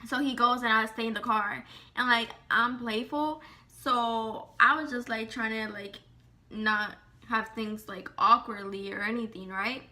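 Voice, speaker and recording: Bright-voiced young woman, animated storyteller. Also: on the high side, measured pace. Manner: animated, slangy, heavy on "like" and swearing. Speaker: vlogger telling a story. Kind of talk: casual storytime.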